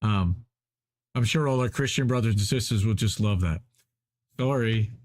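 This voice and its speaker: A man's voice: on the low side, moderate pace, a little mellow. A man hosting a live stream, reading an article aloud with emphatic delivery and sardonic asides.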